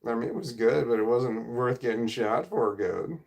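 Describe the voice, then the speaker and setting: Gravelly middle-aged man rambling. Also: medium pitch, expressive, normal speed, a little mellow. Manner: rambling, easily sidetracked, self-deprecating. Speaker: livestream host reading chat. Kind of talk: casual livestream chat. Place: home room, indoors. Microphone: camera or phone mic at desk.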